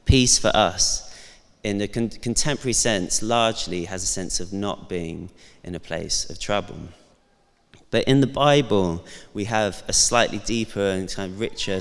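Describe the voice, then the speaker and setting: A man's voice: lowish voice, smooth. A man, preaching a sermon as the pastor in a conversational, thoughtful way, with casual asides. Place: church. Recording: long church reverb.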